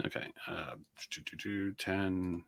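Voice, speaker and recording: A man's voice: sits low, steady tone, takes it slowly, creaky, fairly bright tone. A man playing a tabletop game, talking in a hesitant, chuckling way and asking questions. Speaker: player. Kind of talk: casual tabletop game chat.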